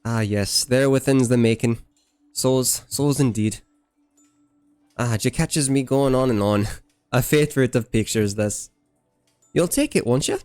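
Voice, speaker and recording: A man's voice: medium pitch, unhurried, long pauses, darkish tone, smooth, no room sound, faint music behind, natural voice. A man voicing a whimsical, quaint woman from an ancient forest home, speaking in old-fashioned, broken, poetic phrases with a sing-song lilt. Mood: dreamy, tender.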